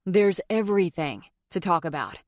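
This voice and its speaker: A woman voicing a confident male lawyer in an audiobook, speaking calmly, earnestly and with a teasing edge. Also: on the low side, moderate pace, no room sound, clean studio sound, close to an everyday voice.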